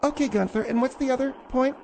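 A man's voice: extremely high pitch, fast talker, gravelly, a little mellow, a little hiss or hum. A man voicing a prim, fussy middle-aged woman who fills in as host of a comedy call-in radio show and calls callers dear and honey.

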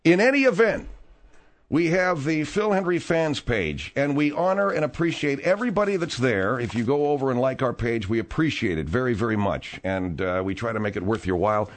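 A man's voice: medium pitch, brisk. A man hosting a comedy talk radio show, reading news items and bantering with exasperated humor. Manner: animated, exasperated, jokey. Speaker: radio host.

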